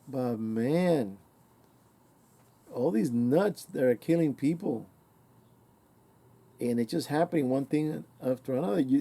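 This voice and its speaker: Casting: middle-aged man, mellow low-key tone, rambling conversational monologue with quoted asides. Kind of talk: casual opinion monologue.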